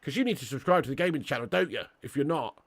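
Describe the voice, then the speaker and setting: A man's voice: on the high side, lively intonation, quick pace, dry recording. A young man hosting a casual live watch-along, reading chat and bantering with viewers as lad and mate.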